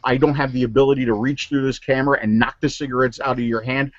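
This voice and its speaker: A man's voice: medium pitch, fairly even intonation, fast talker, no echo, muffled recording. A man from New Jersey, a guest on a casual show, telling stories in an earnest way with many fillers and restarts over a video call. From New Jersey, USA. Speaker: guest vaping reviewer. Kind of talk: casual chat, storytelling.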